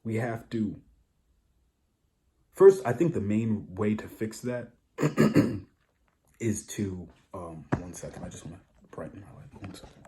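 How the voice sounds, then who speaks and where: A man with a low voice speaks straight to camera from home in a loose, casual monologue. His tone is dark and mellow, and he makes his points bluntly, repeats himself and keeps checking in with rhetorical asides. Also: lively intonation, a little slow, long pauses. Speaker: vlogger.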